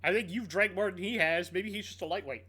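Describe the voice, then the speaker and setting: Sports podcast co-host, man, higher voice, jokey and lively. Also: slightly rough. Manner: lively, joking, quick to laugh. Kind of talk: casual sports chat.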